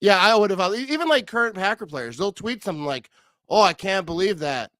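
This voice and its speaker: Young guy cohosting a sports podcast, kinda high voice, chill and jokey, dry close mic. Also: big pitch swings, fairly quick, a bit bright, dry recording. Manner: laid-back, joking, says "dude" a lot. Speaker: podcast co-host. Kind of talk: casual sports chat.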